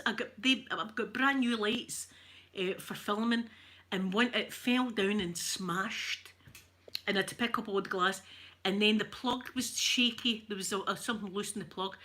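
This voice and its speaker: A woman's voice: fairly high pitch, bright, forceful tone. A Scottish woman hosting her channel, telling rambling stories in casual chat and laughing often. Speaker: channel host.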